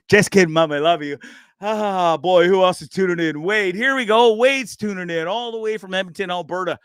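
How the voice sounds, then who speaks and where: A Canadian man in his fifties hosting a live-streamed talk show, rambling and joking with lots of shout-outs and fillers. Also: high voice, moderate pace, clear, resonant tone, dry recording. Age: 50s. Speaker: host.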